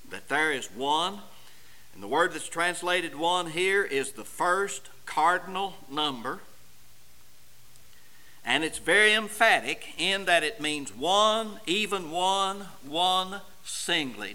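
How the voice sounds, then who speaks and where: A man preaching a sermon, moving between quiet verse explanation and loud, emphatic repetition. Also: on the high side.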